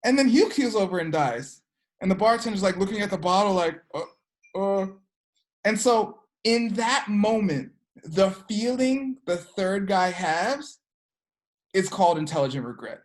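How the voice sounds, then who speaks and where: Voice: expressive, a little slow. An energy work teacher giving a casual class, chatty and peppered with filler words, acting out characters in the stories. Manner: chatty, peppered with "like" and "you know"; acts out characters with sudden pitch jumps. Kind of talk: casual class talk with storytelling.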